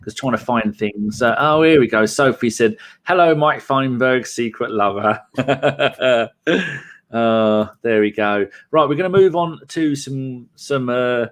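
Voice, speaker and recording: A man's voice: medium pitch, slow pace. Guy hosting a casual podcast, chatty, laughs a lot, reads out comments. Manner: chatty, reads viewer messages aloud, laughs often. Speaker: podcast host. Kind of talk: casual chat.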